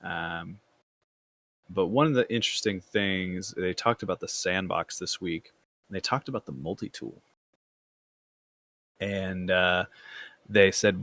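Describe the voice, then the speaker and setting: A man's voice: low voice, measured pace, long pauses, fairly bright tone, no room sound. A man hosting a casual gaming podcast, rambling with fillers and restarts. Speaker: podcast host.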